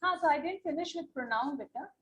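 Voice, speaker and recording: Indian english lady teaching kids online, highish voice, keeps checking they get it. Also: animated, quick pace, a bit bright, low-quality recording. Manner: patient, repeats points, asks "na?" and "okay?". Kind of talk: online class lesson.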